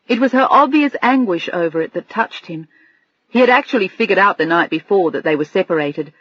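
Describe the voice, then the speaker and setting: Woman audiobook narrator, measured storytelling, mid pitch, dry dull recording. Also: no room sound. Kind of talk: scripted narration.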